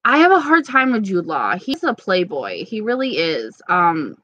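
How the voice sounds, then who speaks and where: A woman's voice: mid-range voice, sing-song, normal speed, fairly bright tone, dry recording, muffled recording. A woman casually chatting with her viewers, playful and gossipy, laughing often. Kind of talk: casual chat reading live comments.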